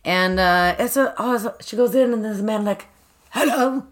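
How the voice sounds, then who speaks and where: A woman's voice: mid-range voice, a little fast. A woman chatting casually, retelling a book with playful character voices. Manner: animated retelling, acting out characters' lines. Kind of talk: casual book-club chat.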